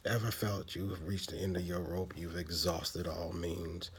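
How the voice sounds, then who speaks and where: A man's voice: sits low, little pitch movement, unhurried, slight background noise. A man preaching a devotional sermon, dramatic and sometimes dropping to a whisper for emphasis.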